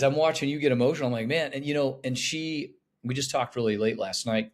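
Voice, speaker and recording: A man in his thirties talking on a podcast in an animated, emotional way, often laughing. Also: medium pitch, a little fast, few pauses. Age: 30s.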